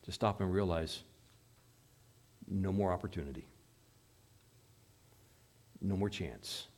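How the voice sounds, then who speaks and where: A man preaching a sermon in a church, with sweeping swings from hushed, low passages to loud, emphatic ones. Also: takes it slowly. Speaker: pastor.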